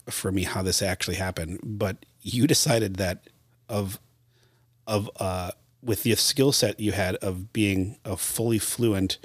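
Husky low-voiced podcast host. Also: male voice, no room sound. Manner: prompting questions and banter. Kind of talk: casual interview chat. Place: podcast studio.

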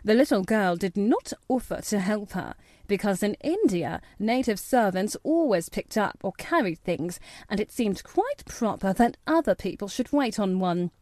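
A woman giving steady, measured scripted narration of a children's classic for an audiobook. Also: mid-range voice, no room sound, studio quality.

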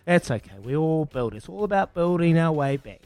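A man's voice: fairly high pitch, animated, normal speed, a little mellow, dry recording. A man hosting a breakfast radio quiz, upbeat and matey, counting down answers. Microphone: studio mic.

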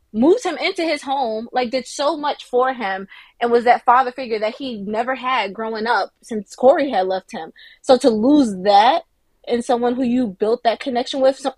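A woman guest on a podcast, chatting about a TV show in a relaxed, slangy way. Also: a little high, no room sound. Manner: relaxed, slangy, agreeing asides. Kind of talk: casual TV recap chat.

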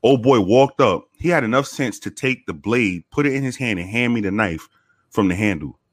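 A man's voice: on the low side, moderate pace, no echo, clean studio sound. A man, a former police officer, telling a story in a laid-back, casual way, cursing freely and acting out what people said. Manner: laid-back, profane, animated when quoting people.

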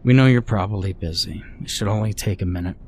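A man's voice: fairly low pitch, quick pace, a little mellow, a little hiss or hum, lightly acted. A man voicing a small-town mayor who reasons carefully and hesitates with fillers. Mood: hesitant.

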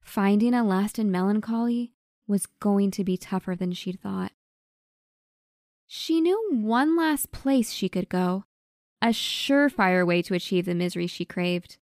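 A woman's voice: medium pitch, measured pace, darkish tone, no echo. Female storybook narrator, wry and dramatic, dry close sound.

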